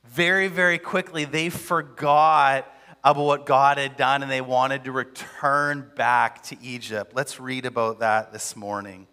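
A man's voice: medium pitch, flat delivery, measured pace, pushed and bright, clean tone, big-room sound. A man preaching a casual, conversational sermon in a church, full of rhetorical questions. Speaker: pastor.

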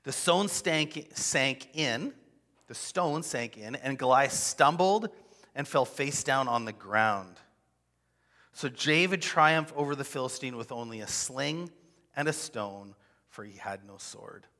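A man preaching a sermon, telling a scripture story with expressive acted-out quotes. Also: mid-range voice, slow. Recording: long hall reverb.

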